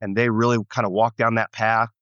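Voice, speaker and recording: American male pastor, interview guest; low-ish, reflective, restarts often; dry, muffled lo-fi audio. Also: level tone, a little fast, fairly bright tone, clear, resonant tone, no room sound. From United States. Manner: earnest, reflective, many restarts. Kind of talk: storytelling interview answer. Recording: dull muffled lo-fi sound.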